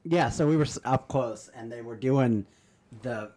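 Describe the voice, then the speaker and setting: Man, mid pitch, wry relaxed storyteller, casual chat. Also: measured pace.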